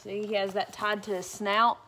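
A woman reads a children's picture book aloud in a playful, chatty way. She breaks off for casual asides to her young listeners. Her pitch sits in the middle of the usual range for a woman. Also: flat delivery, normal speed, pushed and bright, a little hiss or hum. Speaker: storyteller reading a picture book.

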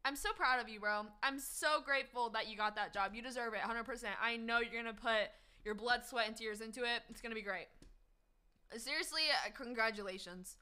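A woman live streamer chatting casually with her viewers, upbeat and slangy as she shouts them out one by one. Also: fairly high pitch, fairly quick, clean tone.

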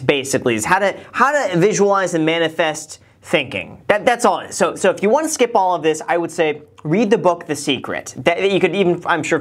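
A man hosting a casual reaction video, animated and joking, with mocking asides. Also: fairly high pitch. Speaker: host, finance YouTuber.

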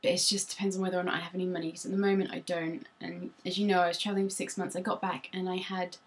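A woman's voice: fairly low pitch, little pitch movement, very fast. A young woman from Norfolk with a Norfolk English accent, chatting casually to camera at home as a beauty vlogger, rambling and self-conscious with many ums. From Norfolk, England.

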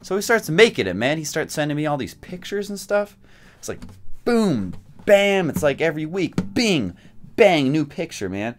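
A man talking casually to camera about his new guitar, slangy and jokey, jumping between excited bursts and low mumbles. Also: moderate pace. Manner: slangy and jokey, with big swings up and down in pitch. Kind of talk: casual vlog chat.

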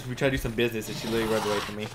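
A woman hosting co-op gameplay commentary, giggling, joking and shrieking loudly. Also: rumbling low, racing, very noisy. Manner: giggly, loud, bursts into shrieks and jokes. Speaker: gaming channel host. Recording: gameplay mixed with loud game music.

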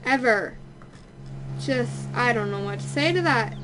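High, bubbly young woman gamer. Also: normal speed. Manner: bubbly, easily excited, gushing. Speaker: let's play host. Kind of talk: casual gameplay commentary.

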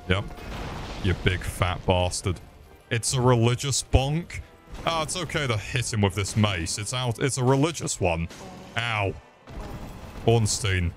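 A young man giving sweary, jokey live commentary while playing a game, yelping when things go wrong. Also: on the low side. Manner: sweary, jokey, yelps in panic. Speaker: streamer.

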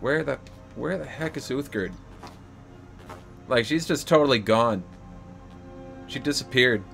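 A man's voice: mid-range voice, unhurried, creaky, a bit bright, faint music behind. A man live-streaming a video game, talking through his play in an exasperated, jokey way.

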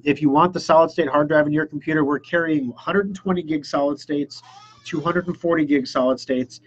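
A man's voice: on the high side, husky, dull audio. A man hosting a computer repair show, chatting casually and enthusiastically as he answers viewer questions and acts out customers' reactions. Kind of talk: casual live-stream chat answering questions.

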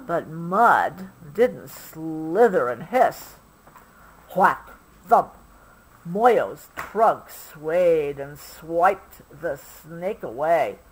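Woman, mother, storybook read-aloud at home, very slow, lively pitch, explains to child. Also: poor audio. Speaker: mother reading to her child.

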